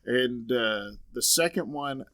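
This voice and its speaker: A man's voice: medium pitch, slow, a bit bright. A man co-hosting a casual comics podcast, emphatic and joking. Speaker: podcast co-host.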